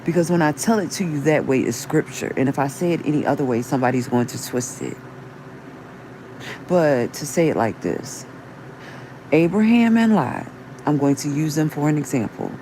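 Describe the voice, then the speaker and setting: Her voice is low-pitched and expressive, moving at a moderate pace over a noisy background. Hosting a livestream, she preaches in a casual, earnest, repetitive manner, restarting often and citing scripture.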